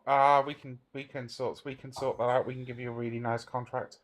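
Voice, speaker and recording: A man's voice: mid-range voice, little pitch movement, a little fast. A man from Europe in a casual heated debate, exasperated and profane.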